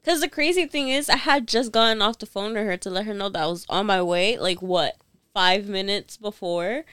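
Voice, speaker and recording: A woman's voice: medium pitch, normal speed, clean tone, dry recording, clean studio sound. A young woman telling a story bluntly and with energy in a casual chat. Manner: blunt, animated retelling.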